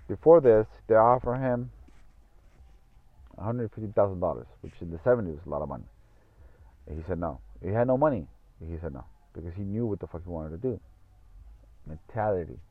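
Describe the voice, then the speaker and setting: A man's voice: sits low, dry recording. A man telling a story in a casual monologue, rambling, repeating himself and swearing often. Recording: tinny phone-like audio.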